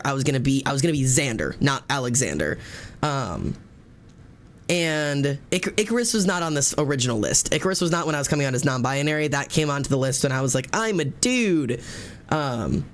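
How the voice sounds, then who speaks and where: A young man livestreaming in a casual chat, telling a story in a rambling, animated way, full of "like" fillers and laughing at himself. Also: fairly high pitch.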